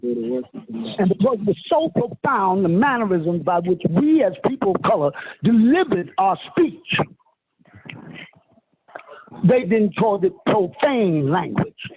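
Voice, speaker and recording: A man's voice: high voice, sing-song, slow pace, gravelly, long pauses. A man preaching a lecture to listeners on a phone call, emphatic and swooping, addressing them as honey and sister. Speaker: self-styled spiritual teacher. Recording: tinny phone line with faint hiss.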